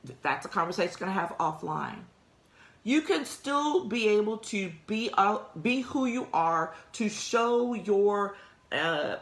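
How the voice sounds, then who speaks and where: A podcast host with a fairly low-pitched voice chats about workplace advice on her career show, sounding conversational and emphatic and laughing frequently. The recording is reverberant.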